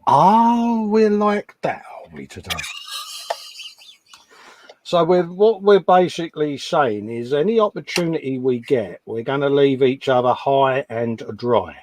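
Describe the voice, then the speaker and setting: A man's voice: mid-range voice, lively intonation, unhurried, darkish tone, slight background noise. A man hosting a casual chat while building a model, teasing and bantering. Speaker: host.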